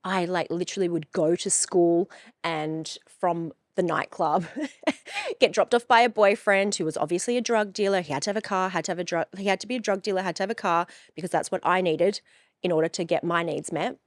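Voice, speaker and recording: Brief: blunt woman, forties, lowish voice, dry close recording. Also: a little fast, no room sound. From Australia. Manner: frank, emphatic, swears freely. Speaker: coach and podcast host. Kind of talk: personal storytelling.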